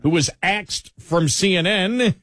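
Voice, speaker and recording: A man's voice: sits high, slow pace, a bit bright, no room sound, clean studio sound. A man with a Buffalo accent hosting a radio talk show in a rambling, conversational way. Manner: rambling, conversational, lots of "you know". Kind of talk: casual talk radio chat.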